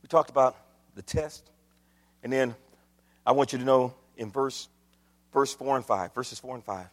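A man preaching a sermon, swinging from hushed asides to shouted exclamations, addressing the church. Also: mid-range voice, moderate pace, long reverb tail. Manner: dramatic swings from hushed to shouted, call-and-response phrasing.

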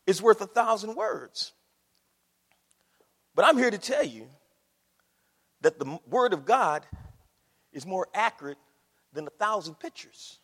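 A man preaching a sermon with passion, moving from a soft hush to near shouting. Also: high-pitched, sing-song, normal speed, long pauses, husky. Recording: long hall reverb.

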